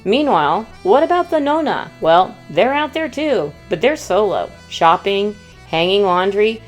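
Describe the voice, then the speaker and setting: A woman's voice: medium pitch, sing-song, a little slow, soft background music. A woman from the United States hosting a humorous travel vlog in a playful, mock-dramatic storytelling manner. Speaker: vlog host.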